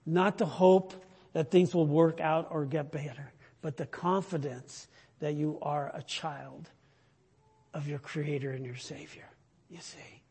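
A man delivers a sermon at an unhurried pace, his husky voice sitting fairly high. He presses hard on key phrases, then drops almost to a whisper. The sound rings with a long hall reverb. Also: steady tone. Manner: slow, emphatic preaching that swells loud then drops to a hush. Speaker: pastor.

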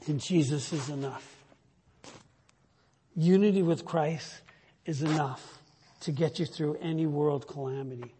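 A man preaching a sermon, slow and emphatic, rising to loud declarations and sinking to near-whispers. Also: on the high side, a little hiss or hum. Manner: slow, emphatic preaching that swells loud then drops to a hush. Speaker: pastor. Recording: long hall reverb.

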